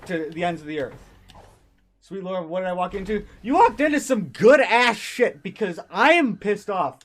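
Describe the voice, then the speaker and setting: A male streamer ranting angrily and profanely, stumbling over his words and restarting. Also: high voice. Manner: heated, profane, stammering restarts. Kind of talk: angry ranting commentary.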